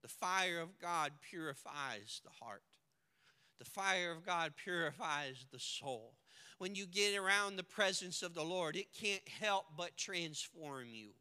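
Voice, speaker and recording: A man preaching a sermon with dramatic swings from hushed to shouting, recorded in a church sanctuary. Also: fairly high pitch, expressive, takes it slowly, smooth. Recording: long hall reverb.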